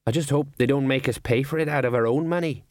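A man voicing Sergeant Colon, a stout, slow-witted older male guard who talks in a plodding, vague way. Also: mid-range voice, a little mellow, no room sound, studio quality, close to an everyday voice.

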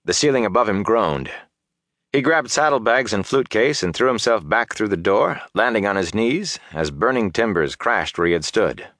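A man narrating a fantasy audiobook in a steady, measured storytelling voice. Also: fairly low pitch, no echo, studio quality.

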